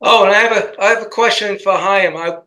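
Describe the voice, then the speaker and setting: A man co-hosting a casual commentary chat, talking in a rambling, halting way with many restarts. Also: high-pitched, steady tone, bright, forceful tone, rough recording. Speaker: co-host.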